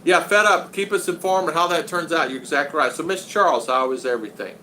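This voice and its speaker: A man's voice: a little high, fast talker, sharp tone, slight background noise, low-quality recording. A man in his sixties hosting a casual livestream, reading viewer comments aloud in a rambling, folksy, joking way. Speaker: channel host.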